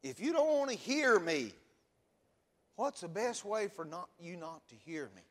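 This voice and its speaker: A man's voice: high-pitched, very animated, measured pace, big-room sound. A man preaching a sermon in a church, asking the congregation question after question with a rising and falling cadence. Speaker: pastor.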